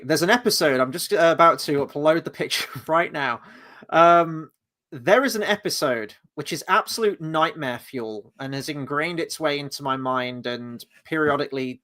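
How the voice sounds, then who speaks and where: Man, host of a casual review chat, animated, rambling, fairly high voice. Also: moderate pace. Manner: animated, rambling, swears freely.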